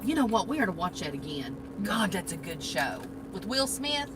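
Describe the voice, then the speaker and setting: A woman's voice: medium pitch, big pitch swings, normal speed. A woman chatting casually and teasing, laughing often, in a parked car at night on a phone mic. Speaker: vlogger co-host. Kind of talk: casual live chat. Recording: car noise behind.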